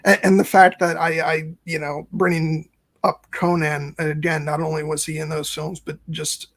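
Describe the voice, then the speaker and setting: A man's voice: fairly high pitch, little pitch movement, moderate pace. A man in his late thirties co-hosting a casual podcast discussion, talking in an earnest, reflective way with long winding sentences. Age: late 30s. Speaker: co-host, first-time viewer.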